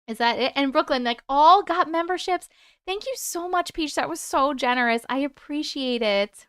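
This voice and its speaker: A woman's voice: high voice, expressive, normal speed, a bit bright, no room sound, clean studio sound. A woman hosting a live stream, chatting casually with viewers, laughing often and swearing freely.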